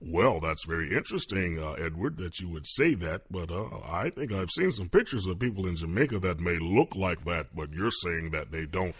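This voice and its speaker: Hesitant male radio host, low voice. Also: lively intonation, normal speed, hardly any pauses, breathy edge. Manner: patient, hesitant, full of ums and uhs. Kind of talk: comic radio call-in show.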